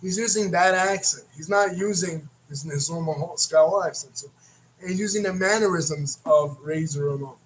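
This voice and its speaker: A man's voice: a little high, normal speed, a little hiss or hum, poor audio. A man hosting a casual wrestling recap, rambling and often restarting his words. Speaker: wrestling reaction host.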